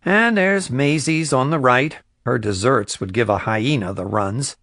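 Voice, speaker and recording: A man's voice: mid-range voice, a little slow, a bit bright, no echo, studio quality. A man voicing a sarcastic, gossipy young woman from a small town in an audiobook. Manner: snarky, wisecracking.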